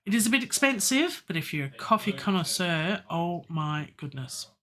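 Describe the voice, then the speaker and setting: A woman's voice: lowish voice, big pitch swings, moderate pace, bright, forceful tone. A middle-aged woman, chatting casually and digressively on a live stream from her home studio, laughing often and joking at her own expense. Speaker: musician livestreaming her songwriting. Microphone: studio microphone.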